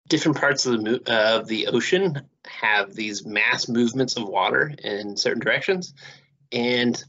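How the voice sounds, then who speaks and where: A man giving a recorded online lecture in a relaxed, rambling way with many fillers. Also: medium pitch, vocal fry, muffled recording. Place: home recording near Houston.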